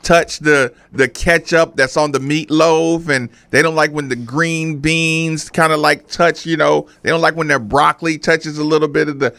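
A man's voice: on the high side, normal speed, creaky, hardly any pauses, no echo. A man co-hosting a sports radio show, telling stories and ranting in casual banter. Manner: animated, ranting storyteller.

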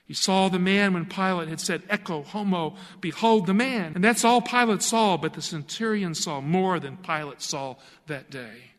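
Male preacher, high-pitched, earnest and emphatic, sermon in a reverberant hall. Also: normal speed, hardly any pauses, a bit bright.

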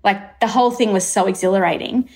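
An Australian woman, a brand founder, telling a long story in an interview, acting out her thoughts with lively quoted asides. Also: mid-range voice, fast talker. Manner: lively, acts out her own thoughts in quotes, many fillers. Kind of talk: animated storytelling in conversation.

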